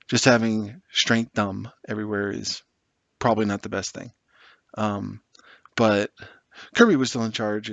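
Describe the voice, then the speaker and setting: Gravelly sarcastic man rambling. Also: lowish voice, a bit bright, no room sound. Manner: rambling, sarcastic, exasperated, swears. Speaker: tabletop wargame YouTuber. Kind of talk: casual commentary while building an army list.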